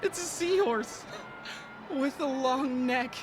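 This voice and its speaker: An actress playing a tipsy, giggling would-be poet in a game. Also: female voice, sits high, slow, music in the background. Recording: game audio with clear background ambience.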